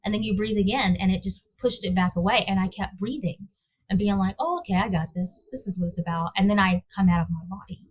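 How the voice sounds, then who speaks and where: A woman's voice: mid-range voice, fast talker, husky. Rambling woman recounting a personal experience. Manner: rambling, searching for words, acts out her own reactions. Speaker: interview guest. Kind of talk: personal storytelling.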